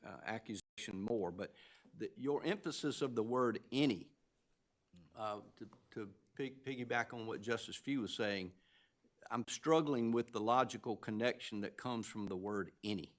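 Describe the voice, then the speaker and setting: Halting judge questioning counsel from the bench. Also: male voice, medium pitch. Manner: halting, measured, many fillers and restarts. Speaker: appellate justice. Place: appeals courtroom.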